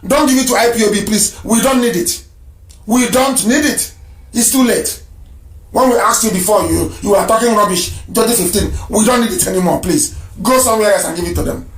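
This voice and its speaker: A man's voice: high voice, fast, roomy sound. A man hosting a live radio broadcast and taking calls, speaking emphatically and repeating phrases for stress.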